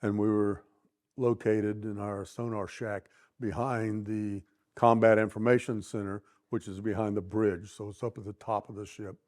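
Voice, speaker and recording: A man, a Navy veteran, telling a story in a steady, matter-of-fact way in an interview. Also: fairly low pitch, moderate pace.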